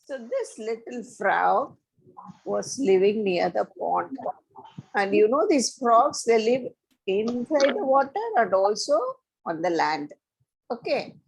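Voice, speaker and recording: A woman telling a children's story slowly, asking a young listener questions as she goes. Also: on the high side, animated, vocal fry, breathy edge, rough recording.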